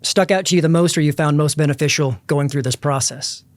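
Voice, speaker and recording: A man asking interview questions in a rapid, scripted-sounding way. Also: fairly high pitch, no echo.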